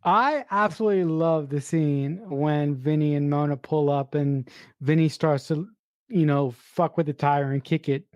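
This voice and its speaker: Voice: medium pitch, unhurried, darkish tone, no echo, highs cut off. A podcast co-host enthusiastically retelling film scenes, with casual swearing. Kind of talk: casual movie review chat.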